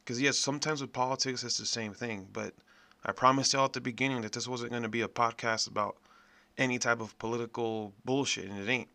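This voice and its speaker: A man hosting a podcast, delivering a profane, blunt, animated rant in a casual monologue. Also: mid-range voice, fairly quick, creaky. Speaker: podcast host.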